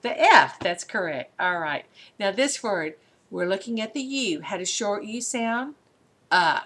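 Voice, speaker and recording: Slow, encouraging woman teaching phonics. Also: medium pitch, animated, a bit bright. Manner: slow, encouraging, sounds out words. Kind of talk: mock phonics lesson. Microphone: webcam.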